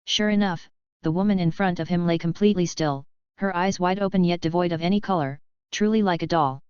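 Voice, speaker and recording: A woman narrates a web novel audiobook in a steady, even manner. Her voice sits low and sounds very smooth and clear. The recording is dry, with a slightly dull, lo-fi tone. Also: a little fast, no room sound.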